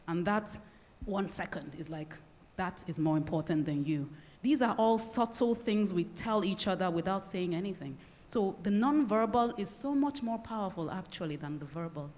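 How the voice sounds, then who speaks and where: A woman lecturing in a hall, her lowish voice carrying a long reverb. She explains ideas plainly and slips into brief acted-out exchanges to make her points. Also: normal speed. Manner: animated, acts out short example dialogues. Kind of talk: public lecture.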